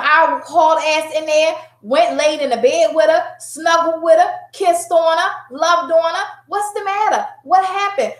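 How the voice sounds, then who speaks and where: Middle-aged woman on a talk show, high voice, telling it big and emphatic, roomy echo. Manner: animated, emphatic storyteller. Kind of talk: casual storytelling chat.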